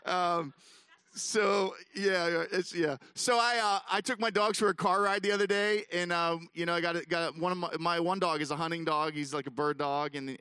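A man speaking at a ministry gathering, telling a funny story in an animated way with lots of fillers and restarts. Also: on the high side, clean tone, no echo. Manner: self-mocking humor. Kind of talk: storytelling talk to an audience.

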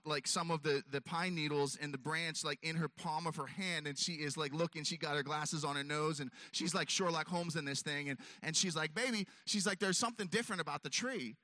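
On stage doing stand-up, a man tells a long, self-mocking story, acting out his own voice and other people's as he goes. His voice is fairly high with a sharp tone, recorded dry with no room sound.

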